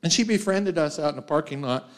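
A man's voice: on the high side, expressive, fast. Storytelling male guest preacher. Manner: storytelling, laughs often, acts out quoted voices. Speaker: guest speaker. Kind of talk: sermon with personal stories. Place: church sanctuary.

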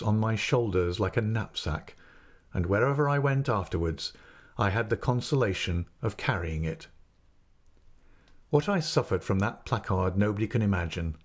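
Man reading a classic novel aloud. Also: on the low side. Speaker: narrator.

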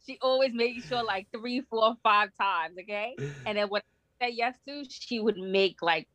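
A woman chatting on a podcast as a guest, telling lively, profane, laughing stories. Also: on the high side, normal speed, no echo. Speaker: guest, host's sister. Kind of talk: casual podcast chat.

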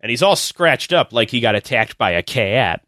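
A man, a podcast guest, retelling a film's plot in casual, animated, swearing chat. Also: medium pitch, normal speed, no echo, clean studio sound. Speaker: podcast guest recapping a film.

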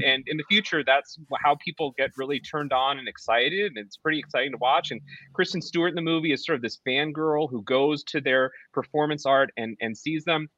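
A man with a bright, forceful voice talks through a film in a loose, rambling way, dropping sarcastic asides as a podcast co-host. The sound is dry and a little dull, like a lo-fi recording. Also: fairly high pitch, no room sound. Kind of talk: casual movie review chat.

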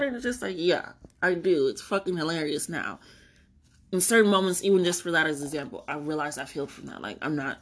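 In a reflective solo podcast monologue, a female host with a low voice rambles loosely through her thoughts at a quick, animated pace. She's candid, swears freely and laughs a lot, yet sometimes sounds close to tears.

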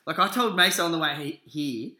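A man's voice: fairly high pitch, lively intonation, fast, bright, forceful tone. A young Australian man co-hosting a podcast, rambling and swearing casually from a living-room lounge on a shared mic. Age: young adult. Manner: rambling, sweary, laid-back. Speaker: podcast co-host. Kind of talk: casual chat. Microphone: single shared mic. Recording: roomy echo.

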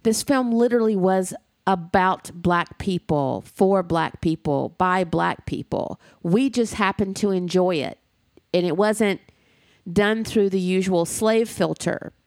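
A woman's voice: on the low side, a little slow, no echo, studio quality. Blunt, emphatic woman in casual chat. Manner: blunt, emphatic, swears freely. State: tearful near the end.

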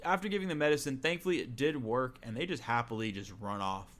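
A man co-hosts a casual podcast chat, recapping a video game with sarcastic jokes and laughing often. His mid-range voice moves at a quick pace and has a fairly bright tone.

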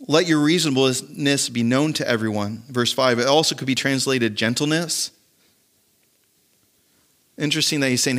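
A man's voice: on the high side, a bit bright. A man, a pastor, preaching a conversational sermon and asking his listeners frequent rhetorical questions.

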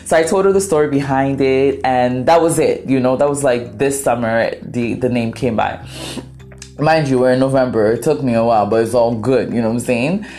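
A woman's voice: extremely low pitch, a little fast, faint music behind. A woman from Ghana whose first language is Twi, hosting a podcast and telling a story in a casual, dramatic, playful way. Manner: animated, dramatic, playful, acts out quoted voices. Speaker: podcast host.

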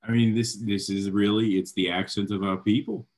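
Young man, very low voice, from Ohio, podcast co-host, deadpan mock-serious banter. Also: normal speed. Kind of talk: casual comedic chat.

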